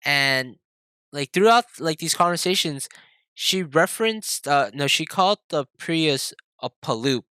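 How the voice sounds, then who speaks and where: A young man co-hosting a podcast, telling a story in a casual, animated way, swearing and acting out quotes. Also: on the high side, unhurried, smooth, no echo. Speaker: podcast co-host. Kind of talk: casual chat.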